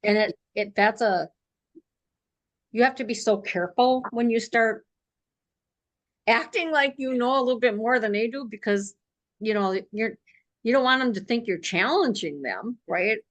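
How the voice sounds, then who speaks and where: A woman's voice: a little high, moderate pace, long pauses, fairly bright tone. Woman, interviewer, casual chat, sympathetic, hesitant restarts.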